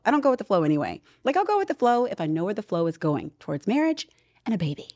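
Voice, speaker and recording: A woman in her thirties hosting a podcast, chatting with animated, sassy storytelling in a studio. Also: medium pitch, fast talker, no echo. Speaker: podcast host. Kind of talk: casual chat.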